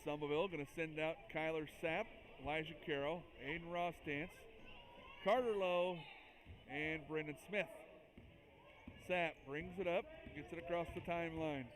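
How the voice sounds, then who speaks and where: A man doing chatty, excitable play-by-play for a school basketball game, joking with listeners between plays. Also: a little high, moderate pace. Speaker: play-by-play announcer. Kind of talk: amateur basketball commentary. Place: school gym. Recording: noisy gym sound.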